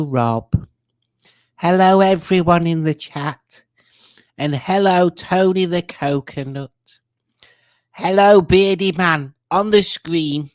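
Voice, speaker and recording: A man voicing a slow, booming male judge who reads greetings with drawn-out, grand emphasis. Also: darkish tone, smooth, no echo.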